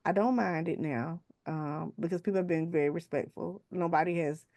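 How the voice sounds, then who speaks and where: A woman author as a podcast guest, telling casual, animated stories in a colloquial way. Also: low voice, normal speed, no room sound. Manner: animated, colloquial, acts out voices of others. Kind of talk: casual storytelling interview.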